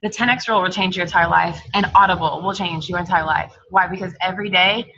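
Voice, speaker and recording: A woman's voice: on the low side, steady tone, quick pace, sharp tone, highs cut off. A woman giving an emphatic, hyped motivational talk on a team call, repeating her points. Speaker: team coach.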